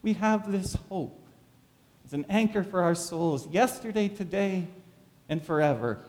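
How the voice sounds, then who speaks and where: A pastor preaching a sermon, full of dramatic rhetorical questions. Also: male voice, high-pitched, unhurried, darkish tone, big-room sound.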